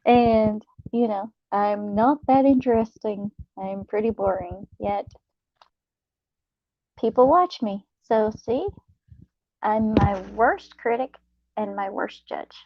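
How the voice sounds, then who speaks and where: A young adult woman, hosting a late-night live chat, talking softly and laughing often. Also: mid-range voice, no echo, dull audio. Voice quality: soft, slow, laughs often. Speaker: channel host reading live chat.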